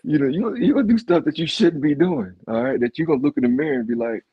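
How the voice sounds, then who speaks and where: A man hosting a casual livestream chat. He is animated, repeats himself and dodges questions. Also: a little high, fast talker, husky, narrow, tinny audio. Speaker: livestream host.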